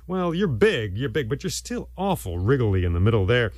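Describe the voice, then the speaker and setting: A man voicing a clever male trickster figure who coaxes and flatters with feigned hesitation. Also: medium pitch, normal speed, no echo, clean studio sound. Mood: coaxing. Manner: sly, coaxing, hesitant.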